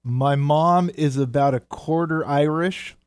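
A man's voice: on the high side, slow pace, a little mellow, smooth, no room sound, clean studio sound. A man co-hosting a radio show in casual chat, earnest and reading out date facts. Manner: earnest, reads date facts, talks about community. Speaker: radio co-host.

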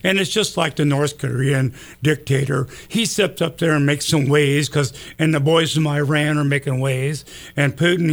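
A man talks in a rough, gravelly voice that sits a little higher than most. He rambles in a folksy way, scattering ums and uhs as he chats as a guest on a talk show. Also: fairly even intonation, moderate pace, few pauses. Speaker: gun store owner guest. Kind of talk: casual talk radio chat.

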